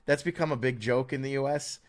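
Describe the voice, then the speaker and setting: A mid-range, brisk voice belongs to an American podcast co-host. His talk wanders and is full of opinions, sarcasm, and frequent stammered restarts.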